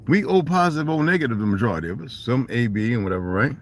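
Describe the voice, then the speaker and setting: A man's voice: mid-range voice, expressive, fast talker, slight background noise. A man with a Southern US accent ranting casually and profanely on a livestream, emphatic and laughing often. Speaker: livestream host. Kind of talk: casual rant.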